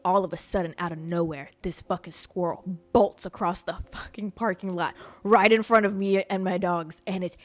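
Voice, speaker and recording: A woman hosting a podcast, telling a story in a casual, animated, profane way. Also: on the low side, normal speed, few pauses. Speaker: podcast host.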